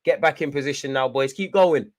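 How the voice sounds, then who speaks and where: A young man excitedly commentates on a football match live as a fan, driving the players on amid swings of frustration and hype. His pitch is medium, his pace brisk, and there's noise in the background.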